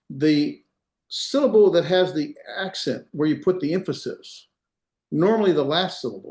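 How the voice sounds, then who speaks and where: A male Hebrew teacher with a fairly high-pitched but darkish voice leads an online class via video call, the sound roomy around him. Patiently and step by step, he explains the material and repeats words for students to hear.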